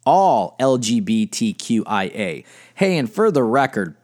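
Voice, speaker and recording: A middle-aged man, a spiritual director and life coach, giving a blunt, animated teaching talk and reading quotes aloud. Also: mid-range voice, measured pace. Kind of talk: podcast-style teaching monologue.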